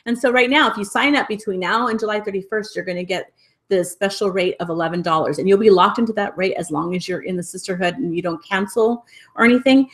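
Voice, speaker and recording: A woman leading a livestreamed spiritual ritual, gushing and enthusiastic, later slowing into a soft guided meditation. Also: medium pitch. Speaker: spiritual circle leader.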